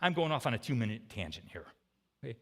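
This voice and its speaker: A man preaching a sermon in a conversational way, checking in with the congregation with quick "okay?" and "right?" asides. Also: mid-range voice, big pitch swings, big-room sound. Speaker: pastor. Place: church sanctuary.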